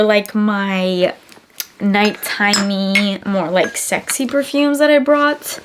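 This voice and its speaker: A young woman vlogger with a congested, stuffy-nosed voice. She talks casually and gushes a lot, with plenty of "like" as she walks through her favorite perfumes. Her voice sits at an ordinary middle pitch. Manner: chatty and gushing, lots of "like". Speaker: beauty vlogger. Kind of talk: casual perfume review vlog. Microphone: camera-mounted mic.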